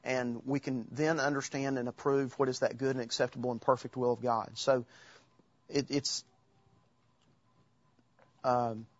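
Husky-voiced man teaching on Scripture. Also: medium pitch, level tone, no room sound, lo-fi sound. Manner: halting, restarts while quoting Scripture from memory. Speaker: Bible teacher. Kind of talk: informal church teaching talk.

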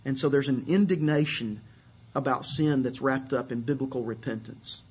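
A man's voice: mid-range voice, normal speed, slightly rough, dull audio. A man preaching a sermon to his congregation, earnest and repeating words as he searches for phrasing. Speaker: pastor.

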